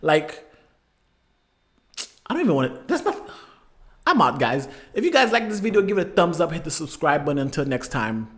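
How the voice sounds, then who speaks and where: A man with a noticeably high voice hosts an online movie review. He rants with exasperation and sarcasm, swinging between loud outbursts and low muttered asides. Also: sing-song, brisk, long pauses. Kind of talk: ranting film review.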